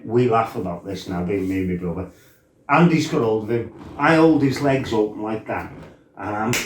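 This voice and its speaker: A middle-aged man tells his life story as a former fighter, bluntly and with lots of swearing, acting out his own shouts. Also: mid-range voice. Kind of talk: casual storytelling interview. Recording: roomy, mic set some distance off.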